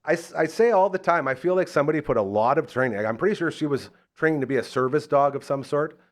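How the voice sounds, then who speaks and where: A man hosting a live local talk show, telling stories in a casual, animated way and acting out the voices in them. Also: on the high side, fast. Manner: animated storyteller, acts out the voices in his stories. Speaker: radio show host.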